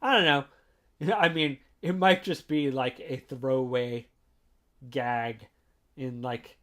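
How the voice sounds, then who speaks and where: A man's voice: medium pitch, fairly even intonation, takes it slowly, a bit bright. A man hosting a podcast, giving a chatty, rambling recap of a manga chapter and adding his own commentary. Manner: chatty, rambling, with frequent "like" and "you know".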